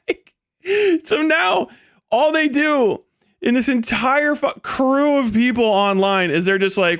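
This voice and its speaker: A man's voice: extremely high pitch, lively intonation, a little slow, fairly bright tone, clean tone, no room sound, studio quality. A man hosting a live stream, ranting in a profane, mocking way and mimicking people sarcastically. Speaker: streamer host.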